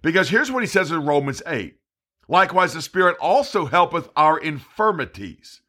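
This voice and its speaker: Bright, lively-voiced preacher man. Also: on the high side, normal speed. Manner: preaching, reading scripture aloud with emphasis. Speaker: evangelist preacher. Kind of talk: Bible study sermon.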